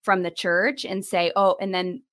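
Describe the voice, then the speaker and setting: A young woman talks as a guest on a podcast, giving earnest, practical advice in a mid-pitched voice. She acts out quoted conversations with a brighter, lifted tone. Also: moderate pace, vocal fry. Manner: animated, acts out quoted dialogue with rising pitch.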